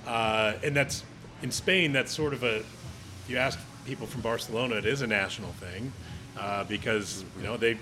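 A man co-hosting a casual pub chat, thinking aloud with frequent pauses and restarts. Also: on the low side, pushed and bright, slight background noise. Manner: hesitant, thinking aloud with many ums and restarts. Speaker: podcast co-host.

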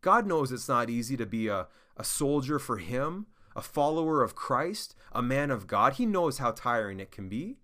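A man's voice: medium pitch, sing-song, normal speed, hardly any pauses, sharp tone. A man giving an earnest, encouraging devotional sermon to other men, often asking "amen?". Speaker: preacher to men.

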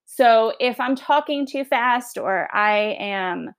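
A woman with a Long Island New York accent talks in a fairly high voice. She is a teacher introducing herself on a podcast, chatty, upbeat and a little rambling. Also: slow pace, a bit bright, clean tone. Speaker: history teacher. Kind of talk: casual podcast self-introduction.

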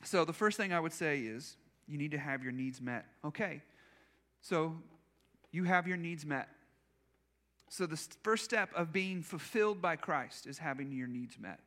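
A man's voice: a little high, expressive, moderate pace, fairly bright tone. A male pastor preaching a sermon in a church, telling personal stories in a conversational, self-deprecating way. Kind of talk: storytelling sermon.

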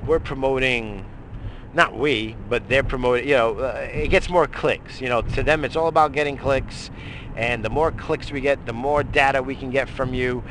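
A man's voice: mid-range voice, normal speed, fairly bright tone, a little hiss or hum. A man hosting a radio show, rambling casually with lots of swearing and fillers. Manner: profane, rambling, many fillers.

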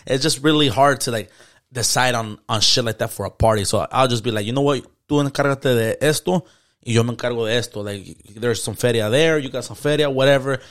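A man's voice: mid-range voice, brisk, a bit bright. A young man, telling a story in casual podcast chat, slangy and profane, dropping in Spanish words. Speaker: podcast host.

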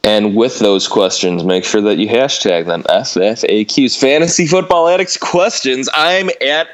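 A man's voice: medium pitch, animated, moderate pace. A man co-hosting a casual sports podcast, playful and wisecracking. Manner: playful, wisecracking, self-promoting. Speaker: podcast co-host.

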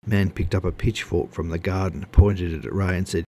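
A man narrating a story in a measured, wry way. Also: sits low, flat delivery, mellow. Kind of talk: audiobook narration.

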